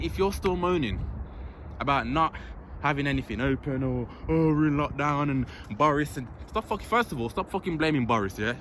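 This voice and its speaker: A young fitness vlogger chats casually to his handheld or propped-up camera from an outdoor park court, blunt and swearing freely. His voice sits in the mid range. City ambience and passing traffic can be heard behind him.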